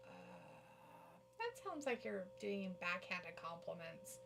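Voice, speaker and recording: A woman's voice: fairly low pitch, very animated, slow, creaky, fairly bright tone, a little hiss or hum. A woman co-hosting a casual live watch-along of a wrestling show, reacting, laughing and reading chat comments aloud.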